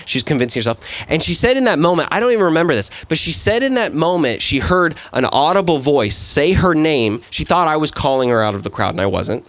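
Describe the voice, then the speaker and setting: Guest preaching at a church service held in an events center, a man talks a little fast with few pauses, in a fairly high, slightly bright voice full of big pitch swings. The recording is dry. He shares stories in a loose, chatty way, frequently saying "like" and "right?".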